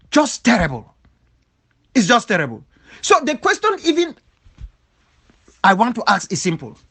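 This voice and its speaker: A man's voice: high voice, a bit bright. A man from southwest Cameroon, an independence leader giving an impassioned spoken rebuttal, emphatic and full of repeated rhetorical questions. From Cameroon, southwest region.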